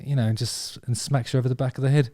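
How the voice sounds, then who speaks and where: A man's voice: mid-range voice, steady tone, fast talker, dark tone, no room sound, studio quality. A man chatting casually about favourite songs, rambling and enthusiastic, with many ums and restarts. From England. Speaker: vlog host talking about music.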